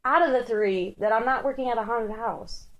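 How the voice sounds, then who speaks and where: A woman's voice: fairly high pitch, normal speed, rough recording. Young woman podcast cohost, chatty storyteller, acts out the voices, swears a lot. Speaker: podcast co-host. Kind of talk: casual chat, storytelling.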